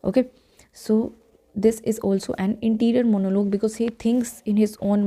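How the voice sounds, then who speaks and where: A woman's voice: medium pitch, steady tone, normal speed, dark tone. A woman with an Indian English accent giving an exam-prep lecture, explaining step by step and checking in with "okay" and "right".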